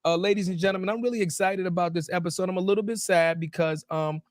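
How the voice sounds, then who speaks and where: A man's voice: sits high, steady tone, fast talker, no echo, clean studio sound. A man co-hosting a podcast over a video call, talking in a playful, joking way and repeating himself. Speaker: podcast co-host. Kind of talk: casual podcast chat.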